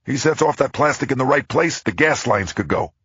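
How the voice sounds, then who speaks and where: A man's voice: mid-range voice, animated, brisk, fairly bright tone, breathy edge, dry recording, highs cut off, voice pushed up. A man voicing an urgent male bomb technician giving a warning.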